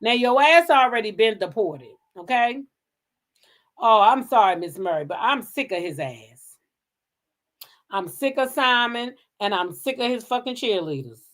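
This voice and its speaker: A woman's voice: a little high, lively intonation, unhurried, a bit bright. A woman hosting her own gossip show, talking straight to her listeners in unscripted commentary. She rants with heat and sass and swears freely, often repeating herself for emphasis. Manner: profane, heated, sassy ranting.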